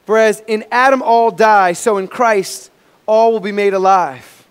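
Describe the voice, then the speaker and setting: A man with a high voice preaches a sermon to his congregation. He swings between loud, emphatic peaks and quiet asides. His voice carries a long reverb through the church hall. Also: measured pace, clean tone. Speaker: pastor. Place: church sanctuary.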